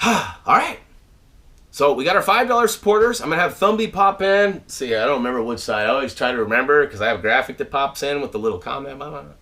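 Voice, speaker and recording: A man with a medium-pitched voice talks fast from his home, giving viewers of his channel a casual video update. He's animated and chatty, full of fillers and restarts, and shouts out names.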